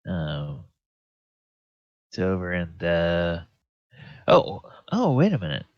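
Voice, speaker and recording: A man's voice: low voice, wildly swooping pitch, slow, no room sound. A man running a tabletop game as dungeon master, hesitant with many fillers, on a muffled recording.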